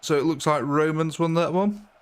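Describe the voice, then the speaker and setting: A man's voice: on the high side, steady tone, normal speed, smooth. A man live-streaming a battle game, chatting casually with his viewers, thanking them by name and laughing often while he talks.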